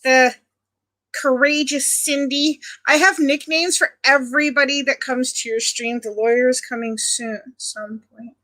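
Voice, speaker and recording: Chatty, bright-voiced woman from Ontario. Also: high voice, fairly even intonation, a little slow. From Canada (Ontario). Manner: chatty, greets viewers by nickname. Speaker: livestream host. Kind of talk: casual chat with live viewers.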